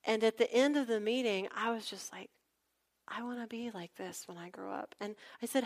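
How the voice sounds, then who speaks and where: A woman's voice: fairly high pitch, normal speed. A woman pastor preaching a sermon in a chatty, storytelling way with asides to her listeners. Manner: conversational, animated storytelling with asides to the congregation.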